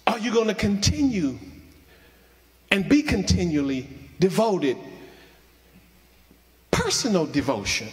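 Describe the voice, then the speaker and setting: A man delivers a sermon at a measured, unhurried pace, driving points home by repeating them. His voice sits fairly high, and a long reverb rolls through the sanctuary behind it. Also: sing-song. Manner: preaching with emphatic repetition. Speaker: associate minister. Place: church sanctuary.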